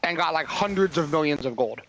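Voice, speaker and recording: Guy w a slightly high voice chatting eagerly, faint noise behind. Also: animated, fairly quick, a bit bright, poor audio. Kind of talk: casual chat.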